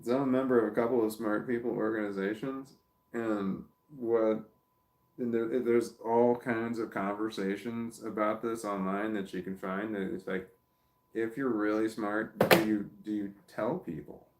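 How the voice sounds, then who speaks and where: A man's voice: on the low side, steady tone, moderate pace, darkish tone, roomy sound. A man talking casually into his phone at home, rambling and swearing, with many restarts. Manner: rambling, profane, lots of restarts. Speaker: vlogger.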